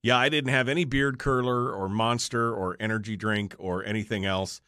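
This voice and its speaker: A man's voice: on the low side, fairly even intonation, normal speed, bright, forceful tone, clear, resonant tone, dry recording, clean studio sound. A male radio talk show host chatting off the cuff with his online audience during a break, rambling and joking at his own expense, tired and yawning. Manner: rambling, self-deprecating, joking with chat. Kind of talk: off-the-cuff livestream chat.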